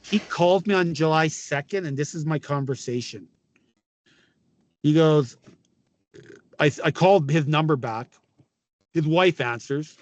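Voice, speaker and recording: A middle-aged man from Canada, a former hockey player, telling stories in an interview, with a raspy voice, laughing often and swearing freely. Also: on the high side, a little slow, long pauses. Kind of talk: casual storytelling interview.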